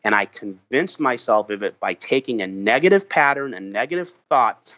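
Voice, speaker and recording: A man's voice: mid-range voice, animated, normal speed, pushed and bright. A middle-aged man telling a motivational story as a podcast guest, earnest and emphatic, often restarting his words. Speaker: podcast guest, business founder. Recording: dull lo-fi podcast audio.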